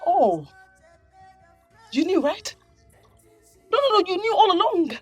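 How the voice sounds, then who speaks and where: A woman's voice: extremely high pitch, very animated, takes it slowly, faint music behind, heavily acted. An actress with a Nigerian accent playing a betrayed young woman who lashes out at her lover. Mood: furious. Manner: accusing, bitter. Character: jilted young woman, furious then resigned.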